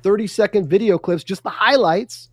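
A man's voice: sits high, moderate pace, husky, dry recording. A man guesting on a livestream interview, talking in a fired-up, emphatic way and acting out little quotes. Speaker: guest, content consultant.

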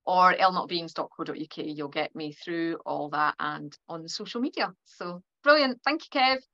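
Scottish woman, Perthshire accent, guest on live stream, lively, acts out dialogue, bright tone, dull phone audio. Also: lowish voice, moderate pace. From Scotland. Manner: animated, acts out quoted exchanges. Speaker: guest speaker, spiritual teacher.

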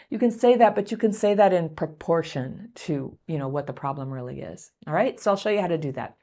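A woman coaching viewers through a self-help talk, speaking in a gentle, encouraging, conversational way and laughing lightly between points. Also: low voice, fairly quick, creaky. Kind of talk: advice talk to camera.

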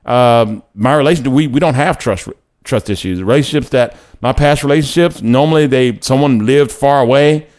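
A young man from Louisiana talks casually about dating in his own show. His voice sits at an ordinary pitch. He is chatty and self-correcting, slipping into quick put-on quotes as he goes. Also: a little mellow. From Louisiana, United States. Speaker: host. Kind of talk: casual talk on dating and faith.

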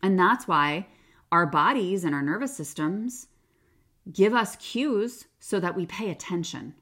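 Woman podcast host, low-pitched. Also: expressive, a little slow, fairly bright tone. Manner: casual, coaching tone with frequent "like". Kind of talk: self-help podcast monologue.

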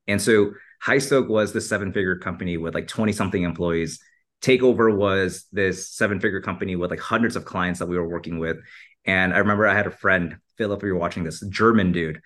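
A man's voice: low-pitched, fairly even intonation, a little fast, a bit bright. A man talking as a podcast guest in a casual, upbeat way, with many "like" and "you know" fillers. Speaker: podcast guest, marketing entrepreneur. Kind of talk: casual conversational interview.

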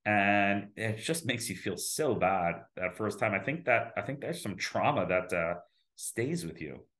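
A dentist in his fifties chatting casually as a guest, telling lively stories and acting out the voices he quotes. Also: on the low side, measured pace. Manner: animated storyteller who acts out quoted voices. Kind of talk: casual podcast conversation.

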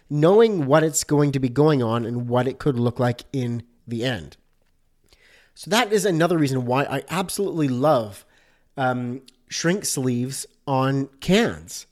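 A man talks on his own in a casual podcast, his voice sitting a little high for a man. He sounds upbeat and chatty, and he pads his sentences with plenty of fillers as he explains things. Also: darkish tone. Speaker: podcast host, designer. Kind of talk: casual solo podcast talk.

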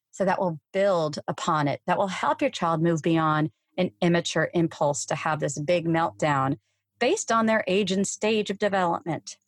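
Calm woman podcaster giving parenting advice. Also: lowish voice, moderate pace, dry recording, clean studio sound. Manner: calm, explanatory, models phrases to say to kids. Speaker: podcast host and parent coach. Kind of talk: solo podcast advice talk.

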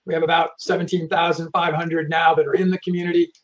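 A man's voice: fairly high pitch, little pitch movement, fast talker, lo-fi sound. A man hosting a live online session, reading out audience questions with friendly, rambling asides.

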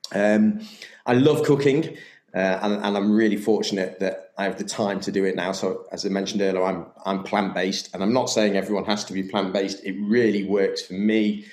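A yoga business owner appears as a podcast guest in a casual chat, speaking candidly and enthusiastically while swearing freely. His voice is deep and a little mellow, and the recording has a roomy echo.

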